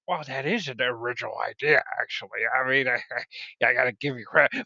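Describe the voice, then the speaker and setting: A man hosting a comedy show who rambles, stammers and jumps into high-pitched exclaims. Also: fairly quick, creaky, bright, forceful tone, dry recording. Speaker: show host. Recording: dry, dull lo-fi mic.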